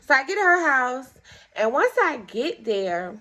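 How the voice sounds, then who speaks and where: A woman's voice: high-pitched, a little slow. A young woman telling a story time to her viewers in a casual, indignant way, acting out both sides of each exchange. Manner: animated, acts out both sides of conversations; indignant, exasperated.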